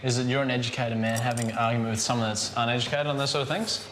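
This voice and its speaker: A man calmly advising and consoling a friend. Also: medium pitch, rapid-fire. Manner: calming, advising. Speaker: reality show housemate. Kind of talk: consoling chat. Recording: echoey room with crowd noise.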